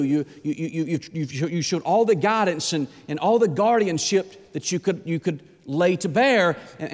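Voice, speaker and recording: Speaking in a large hall, a pastor delivers an impassioned sermon at a fairly high pitch. He repeats words as his intensity builds, then falls to a hushed plea.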